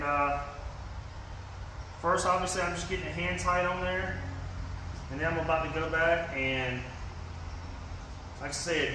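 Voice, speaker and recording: Man with a Georgia drawl, slightly high. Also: pushed and bright, a little hiss or hum. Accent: Southern US (Georgia). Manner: folksy, says "y'all" often, many fillers and restarts. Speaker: fishing channel host. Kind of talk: casual how-to demonstration.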